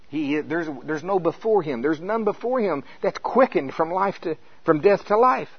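A man's voice: sits high, lively intonation, moderate pace, hardly any pauses, slightly rough, dull audio. A man preaching a sermon, reading scripture aloud and stopping to explain it, with frequent interjections of "Hallelujah.". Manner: expository, breaks off mid-sentence to explain the verses.

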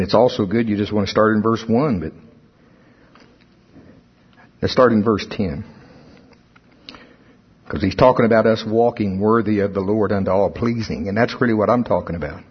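A middle-aged preacher, delivering an animated sermon that rises into emphatic outbursts. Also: male voice, lowish voice. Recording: husky voice in a long-reverb hall, dull sound.

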